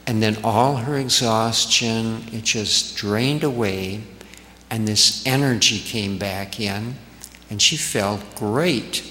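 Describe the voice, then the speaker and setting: Slow-telling man in an echoey hall. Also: lowish voice. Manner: slow, gentle storytelling. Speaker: spiritual speaker. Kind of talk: storytelling talk to an audience. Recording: echoey hall reverb, faint noise.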